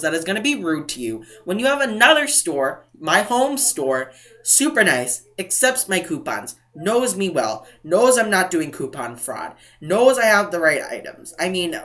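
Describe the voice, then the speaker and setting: A young man from New England telling an animated, indignant storytime as a couponing vlogger. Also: high voice. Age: young adult. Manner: animated, indignant retelling, acts out quotes. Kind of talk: casual storytime vlog.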